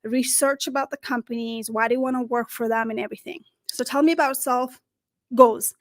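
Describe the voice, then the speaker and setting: A woman career coach giving lively, emphatic advice straight to camera, acting out short phone calls as she goes. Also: on the high side, fairly quick, no echo. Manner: animated, emphatic, acts out little phone calls. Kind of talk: direct-to-camera advice talk.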